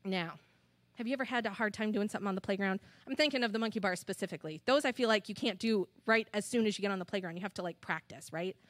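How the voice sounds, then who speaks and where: A woman telling a children's story at church, animated and chatty with the kids, into a handheld mic. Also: medium pitch, fast talker, no echo. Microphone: handheld microphone.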